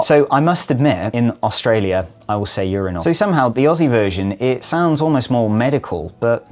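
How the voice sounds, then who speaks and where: A man with a British accent talking casually to camera, playful, pitching his voice up to mimic how words are said. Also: expressive, brisk, few pauses, darkish tone. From United Kingdom. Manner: playful, swings pitch up when mimicking pronunciations. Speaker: vlogger and actor.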